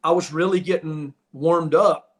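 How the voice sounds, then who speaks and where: A man's voice: a little high, steady tone, measured pace. A middle-aged man hosting a podcast, telling wrestling stories in a casual, rambling way with many restarts. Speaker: podcast host, former pro wrestler. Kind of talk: casual storytelling.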